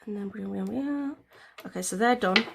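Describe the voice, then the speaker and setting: A woman's voice: medium pitch, moderate pace, creaky, noisy background. A woman vlogger, explaining a nail tutorial in a chatty, rambling way with plenty of fillers. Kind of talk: casual step-by-step tutorial.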